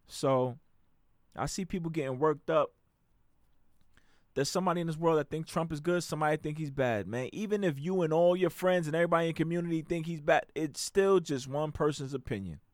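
A young man hosting his own podcast, talking in a casual, animated way with slang and frequent restarts. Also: a little high, no room sound, clean studio sound. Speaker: podcast host.

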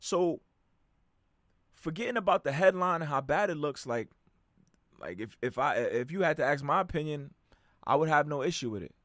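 A young man hosting his own podcast, talking in a casual, animated way with slang and frequent restarts. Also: fairly high pitch, normal speed, pauses often, no room sound, studio quality. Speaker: podcast host.

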